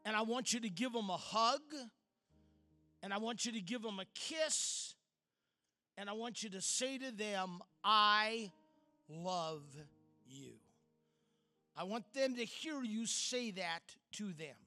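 Male speaker, middle-aged, sermon storytelling. Unhurried and bright-toned, with dramatic pauses. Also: high voice, soft background music. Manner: storytelling, dramatic pauses, swings from loud to hushed.

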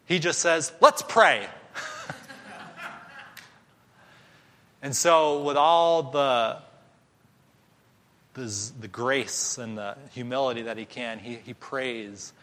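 A man preaching a sermon, telling a story with animated voices for each character. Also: medium pitch. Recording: long hall reverb.

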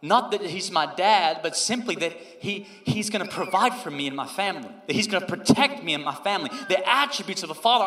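A young adult man, a pastor, telling a personal story in a conversational, animated sermon and dropping low and soft whenever he quotes God. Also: brisk, hardly any pauses. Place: church sanctuary. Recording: echoey church hall with long reverb.

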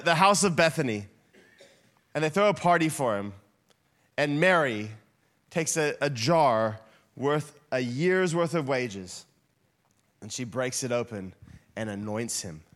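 Lively, playful man preaching a sermon. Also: fairly high pitch, measured pace, long pauses. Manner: lively, playful, gets the congregation shouting along. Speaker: guest preacher. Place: church hall.

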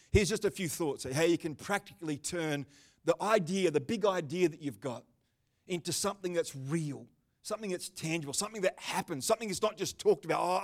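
A man preaching in a church service, his voice sitting high for a man. He swings from rising, emphatic bursts to quiet, joking remarks aimed at people in the pews. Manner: animated preaching, swings between loud bursts and calm asides; talks with the congregation by name, chatty and joking. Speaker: pastor. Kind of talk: sermon.

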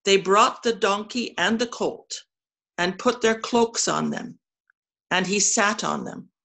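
A woman reading scripture aloud slowly and carefully, with small slips. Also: medium pitch, gravelly, a bit bright. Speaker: scripture reader.

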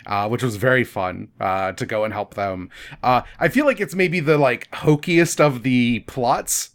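Easygoing male co-host, quick and questioning. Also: mid-range voice. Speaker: podcast co-host. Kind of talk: casual chat.

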